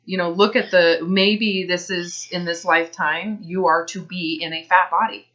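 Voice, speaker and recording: Blunt woman coach, slightly low pitch, bright tense tone, lo-fi sound. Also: fairly even intonation, moderate pace. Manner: blunt, direct advice. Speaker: health coach. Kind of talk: coaching call.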